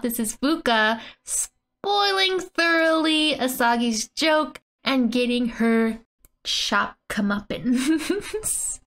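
A woman's voice: fairly high pitch, fairly bright tone. A woman giving a casual language lesson through manga panels, chatty and playful, giggling often between explanations. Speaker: online Japanese tutor.

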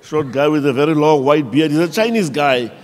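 A South African pastor with a somewhat high voice preaches a little fast, animatedly acting out the people in his sermon stories. The long reverb of a large church hall surrounds him.

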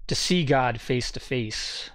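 A man's voice: mid-range voice, slow, fairly bright tone, no echo, in a whisper. A man teaching a Bible study in a conversational, explanatory way, often correcting himself as he goes.

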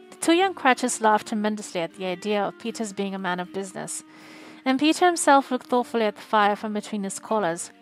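Woman reading a classic tale aloud. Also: on the high side. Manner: steady expressive reading. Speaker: audiobook reader and streamer. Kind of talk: reading a novel aloud on a live stream.

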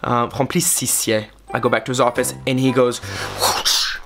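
A young man telling a story to the camera in a vlog, animated and expressive, slipping into French to mimic clerks. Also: medium pitch, moderate pace. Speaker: travel vlogger.

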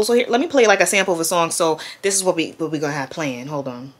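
A woman's voice: low voice, quick pace. A woman in her twenties from Queens, New York, with a New York accent, talking to camera candidly and slangily as she grieves. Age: 20s. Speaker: vlogger. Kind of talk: casual talk to camera. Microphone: camera mic.

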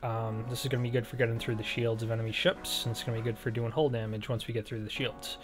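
A man's voice: mid-range voice, flat delivery, fast talker. A man giving casual let's play commentary, thinking aloud with many fillers and self-deprecating jokes. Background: faint game music.

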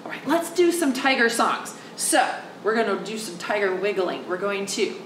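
A woman's voice: mid-range voice, normal speed, reverberant, distant mic, slight background noise, rough recording. A woman working as a children's librarian, reading a picture book aloud and coaxing young children to join in. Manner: animated, coaxing, speaks directly to the kids.

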